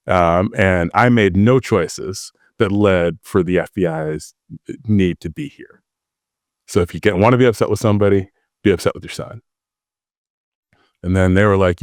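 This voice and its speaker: Deep-voiced man telling stories. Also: a little slow, pauses often, no echo, clean studio sound. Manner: anecdotal, self-assured. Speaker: guest, former FBI agent. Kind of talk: casual storytelling.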